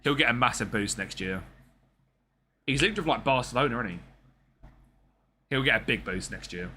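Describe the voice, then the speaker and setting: A man's voice: mid-range voice, animated, moderate pace, bright, forceful tone, a little hiss or hum. A man giving casual, slangy gameplay commentary and talking back to the characters on screen. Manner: chatty, slangy, talks to the game characters. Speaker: gaming streamer.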